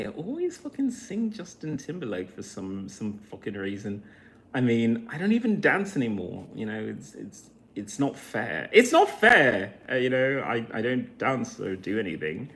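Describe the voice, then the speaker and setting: A vlogger with a mid-range voice rambles casually, swearing often and drifting from one thought to the next while second-guessing themself. There's a slight hiss or hum in the recording.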